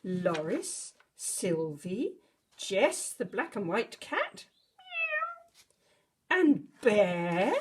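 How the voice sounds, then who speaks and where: A woman reading a children's bedtime story aloud, expressive, with dramatic gasps and animal noises. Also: medium pitch, drawn-out words, long pauses, a little hiss or hum.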